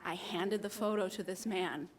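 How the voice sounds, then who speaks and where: An American woman in early adulthood telling a personal story at a live slam, animated and self-mocking, acting out the voices of the people she met. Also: lowish voice, normal speed. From United States.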